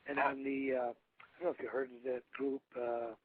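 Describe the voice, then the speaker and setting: Older man, husky, over a phone line. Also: medium pitch, flat delivery. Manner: rambling, halting, calls hosts "brother". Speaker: guest, retired wrestler. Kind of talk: phone-in radio interview.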